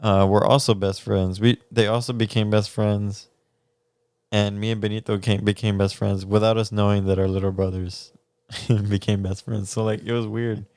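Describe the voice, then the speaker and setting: A man's voice: on the low side, little pitch movement, normal speed, darkish tone, clean tone, dry recording. A young man, co-hosting a podcast and telling a story in casual chat, laughing often and swearing casually. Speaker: podcast co-host.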